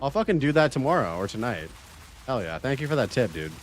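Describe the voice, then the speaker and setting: A man's voice: medium pitch, very animated, fast, slight background noise. Casual, swearing Canadian streamer man. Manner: casual, profane, chatty with viewers. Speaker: game streamer. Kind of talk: casual livestream chat.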